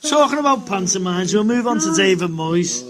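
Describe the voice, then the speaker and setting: High-voiced host, halting. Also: male voice, animated, crowd noise. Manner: hesitant, many uhs. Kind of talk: casual radio chat.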